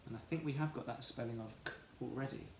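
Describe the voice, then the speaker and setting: A man teaching a children's phonics lesson, slowly sounding out letters and syllables in an encouraging way. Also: medium pitch. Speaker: primary school teacher. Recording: echoey room, faint background noise.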